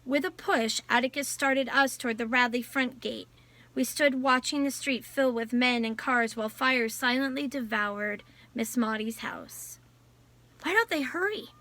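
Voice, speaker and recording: A woman reading a novel aloud in a measured storytelling voice. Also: fairly high pitch, fairly even intonation, sharp tone. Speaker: audiobook narrator. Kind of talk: scripted novel narration.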